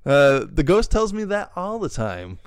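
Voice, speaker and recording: A middle-aged podcast host leads a casual chat, reading stories from posts aloud, laughing often and tossing in joking asides. His voice is fairly high with huge pitch swings, and he keeps a measured pace. The sound is smooth and the recording dry.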